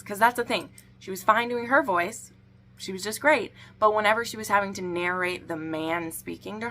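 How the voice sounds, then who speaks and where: A woman's voice: lowish voice, gravelly, bright, forceful tone, slight background noise. A woman chatting casually as a book reviewer, rambling and frank, with lots of "like" fillers. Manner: rambling, frank, heavy use of "like".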